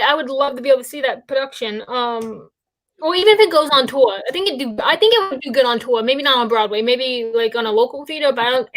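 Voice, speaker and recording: A woman's voice: sits high, fairly bright tone. A woman hosting a casual chat about musicals, rambling with lots of fillers and restarts. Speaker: podcast host.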